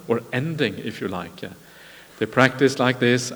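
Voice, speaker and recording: A man giving a Buddhist meditation talk at a retreat, in a measured, unhurried way with frequent pauses. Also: medium pitch, fairly bright tone, husky. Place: large meditation hall. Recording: long reverb of a large hall.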